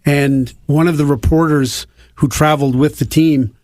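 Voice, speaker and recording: A man's voice: on the high side, fairly even intonation, moderate pace, a little mellow, dry recording. A middle-aged man from Canada, a hockey insider, telling self-deprecating stories on a podcast in a studio. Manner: self-deprecating anecdotes with restarts. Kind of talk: casual podcast storytelling.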